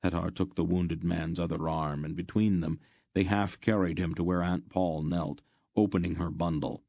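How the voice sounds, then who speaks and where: Deep-voiced man narrating an audiobook. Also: creaky, dry recording, clean studio sound. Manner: steady, measured storytelling. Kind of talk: scripted fantasy narration.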